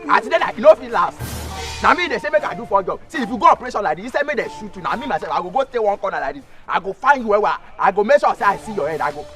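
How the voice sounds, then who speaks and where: A man's voice: sits high, big pitch swings, rapid-fire, fairly bright tone, faint music behind. A man with a Nigerian Pidgin accent, playing a comic police officer who rants and mocks. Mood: ranting. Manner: boisterous ranting, mocking. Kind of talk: comedy skit acting.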